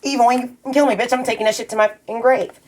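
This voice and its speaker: A woman's voice: on the high side, steady tone, quick pace, slight background noise. A woman in a heated, rambling monologue, swearing constantly as she vents. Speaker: vlogger. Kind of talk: profane ranting monologue.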